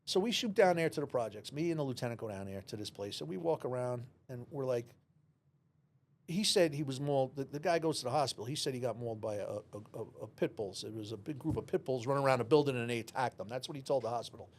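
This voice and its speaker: A man, a former police officer, telling a lively story in an interview and acting out the voices. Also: medium pitch, fast talker. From New York City. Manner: animated storyteller, acts out dialogue, many restarts.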